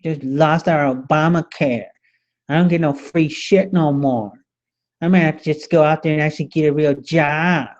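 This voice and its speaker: A man's voice: a little high, steady tone, moderate pace, lo-fi sound, lightly acted. A man voicing a whining young adult in a mocking imitation. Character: whiny young adult complaining about losing benefits.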